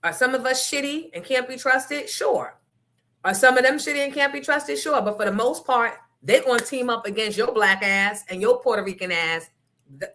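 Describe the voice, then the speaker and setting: A woman's voice: on the high side, fairly bright tone. A woman hosting a livestream talk show, ranting bluntly with lots of profanity and emphasis. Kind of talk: casual livestream rant.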